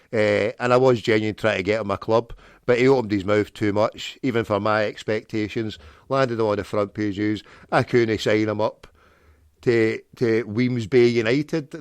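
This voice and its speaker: A man's voice: on the low side, clear, resonant tone, no room sound. Rambling man host. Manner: rambling, goes off on tangents, jokey wordplay. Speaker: prank call show host. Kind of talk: rambling solo talk with prank calls.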